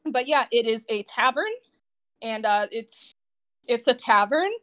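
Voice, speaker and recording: A woman with a high voice runs a tabletop game as game master. She describes the scene casually, hesitating often with little fillers. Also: a little slow, fairly bright tone.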